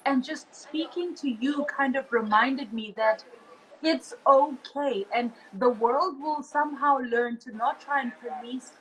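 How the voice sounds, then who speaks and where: A woman's voice: sits high, a little slow, hardly any pauses, a little hiss or hum, rough recording. A woman hosting a podcast interview, speaking earnestly and encouragingly as she builds on her guest's thoughts. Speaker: podcast host. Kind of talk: reflective interview conversation.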